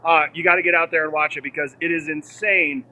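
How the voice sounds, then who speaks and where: An upbeat man gives a casual morning report on roads and weather while out around town. His voice is bright and a little high, with quick asides. A faint outdoor hum sits behind him. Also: fairly even intonation, low-quality recording. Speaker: host, roving reporter.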